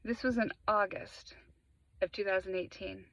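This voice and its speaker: A woman's voice: mid-range voice, fairly even intonation, moderate pace, gravelly, fairly bright tone, no echo. Earnest woman telling her spiritual story. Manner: earnest, emphatic storytelling with repeated words. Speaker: spiritual vlogger. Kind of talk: personal testimony. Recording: dry, slightly muffled sound.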